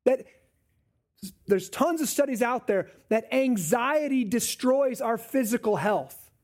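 A man preaching a sermon, lively and conversational, acting out the voices of worried people. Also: extremely high pitch, takes it slowly. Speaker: pastor.

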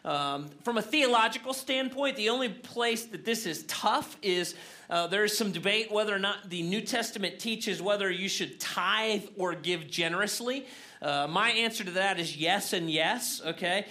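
A man's voice: high-pitched, normal speed, sharp tone. A male pastor preaching at an evening church service in a casual, conversational way, with many fillers.

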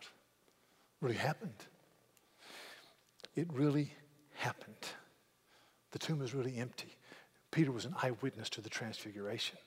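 A man preaching a sermon in an earnest, emphatic way, often repeating words as he builds to loud passages. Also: mid-range voice. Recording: long hall reverb.

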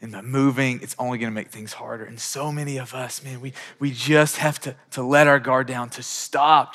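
A man's voice: medium pitch, moderate pace, hardly any pauses, a bit bright. A man in his thirties preaching a sermon as pastor, emphatic and full of rhetorical questions. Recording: long hall reverb.

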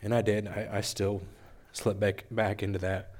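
A young man giving an earnest, emotional testimony at church, halting and restarting as he speaks. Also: fairly low pitch, flat delivery, a little mellow.

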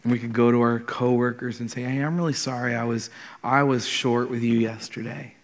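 A man's voice: medium pitch, fairly even intonation, brisk. Earnest male pastor in a reverberant sanctuary. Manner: earnest, conversational, repeats words when starting a thought. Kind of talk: sermon. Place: church sanctuary. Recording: long hall reverb.

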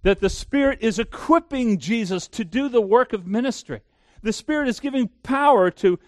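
A man's voice: high-pitched, dry recording, studio quality. A man preaching a sermon as pastor, emphatic, asking the listeners questions and answering them himself.

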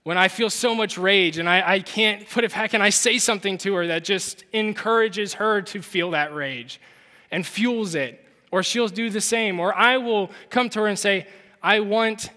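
A man's voice: high-pitched, measured pace, sharp tone. A young adult man preaching a sermon as pastor, earnest and conversational, often asking "right?" and restarting his sentences. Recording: long hall reverb.

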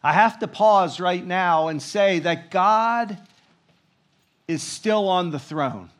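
Male preacher, high voice, slow and emphatic, reads scripture then comments. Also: fairly bright tone. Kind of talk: sermon.

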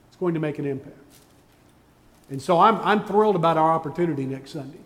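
A man's voice: a little high, fast, big-room sound. A man preaching a sermon as pastor, folksy and joking as he tells stories to his congregation. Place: church sanctuary.

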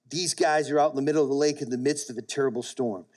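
A male pastor preaching a sermon to a congregation. He swings between raised, emphatic lines and quiet low asides, often calls out to the room for a response, and chuckles between points. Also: fairly even intonation, a little fast.

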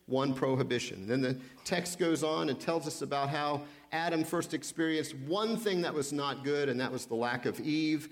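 A man preaching a sermon, reading scripture aloud and pressing home points with repeated questions and deliberate pauses. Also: fairly high pitch, expressive. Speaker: pastor.

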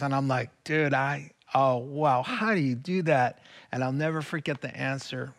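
A man preaching a sermon as pastor, animated, swinging from loud declarations to hushed whispers. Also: mid-range voice, normal speed, hardly any pauses. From California.

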